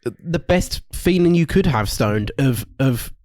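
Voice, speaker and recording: A man's voice: medium pitch, animated, takes it slowly, a little mellow, no room sound, studio quality. A man co-hosting a podcast, talking in loose, rambling casual chat with restarts and swearing. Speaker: podcast co-host.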